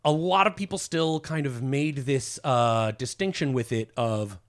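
A man's voice: mid-range voice, unhurried. Hesitant man explaining on a podcast. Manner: hesitant, full of fillers. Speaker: guest presenter. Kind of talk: casual podcast chat.

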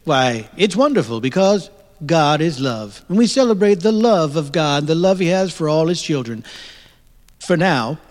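A man's voice: a little high, sing-song, moderate pace, in a large hall. An actor playing a pompous male reverend who blusters and swears as he begs people to join his church. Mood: blustering. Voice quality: blustering, crude preacher patter.

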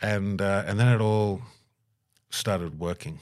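A middle-aged man in an interview, telling stories with lively energy and acting out the people he quotes. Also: lowish voice, slow. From Australia. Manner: animated, puts on voices when quoting people. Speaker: guest. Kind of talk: storytelling interview.

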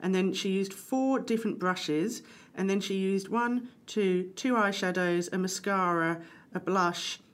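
A woman co-hosting a podcast, chatting casually with a wry, conversational manner. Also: mid-range voice. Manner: conversational, wry, lists things off briskly. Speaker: podcast co-host. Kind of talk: casual chat.

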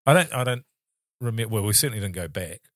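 A man's voice: lowish voice, animated, quick pace. A man with a New Zealand accent co-hosting a podcast, chatting casually in a rambling, self-deprecating way. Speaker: podcast co-host. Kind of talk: casual chat.

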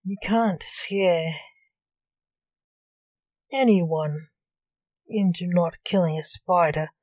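A woman reading as a slow-spoken masked male necromancer. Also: lowish voice, a little mellow, no echo. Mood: menacing.

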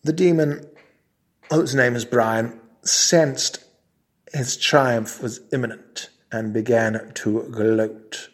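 A man telling a comic mock-heroic tale in a pompous, deadpan, mock-formal way. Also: mid-range voice, slow pace. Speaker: comic storyteller.

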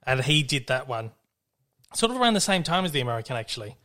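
The host of a casual film chat rambles in a loose way, often starting sentences over and swearing freely. He talks fast in a sing-song, sharp-toned, mid-range voice.

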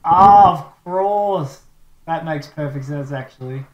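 A man's voice: fairly high pitch, moderate pace, dull audio. An Australian man co-hosting a casual podcast quiz, fumbling for words and laughing often. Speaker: podcast co-host.

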